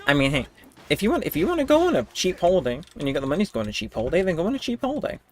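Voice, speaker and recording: A man's voice: high-pitched, huge pitch swings, rapid-fire, a little hiss or hum. A young man with a cold coming on, livestreaming a game and rambling casually to his chat while laughing often. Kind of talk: casual live-stream chat while gaming.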